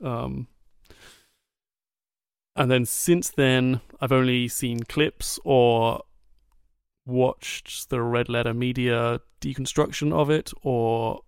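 A man chatting casually on a podcast, wry and quick to laugh, with frequent asides. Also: mid-range voice, steady tone, vocal fry, smooth, no room sound, studio quality.

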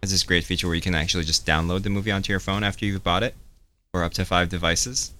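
A man's voice: low-pitched, fairly even intonation, fast talker, sharp tone. A young man chatting casually on a podcast, laughing often and drawing words out when he demonstrates them. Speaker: podcast co-host. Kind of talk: casual chat.

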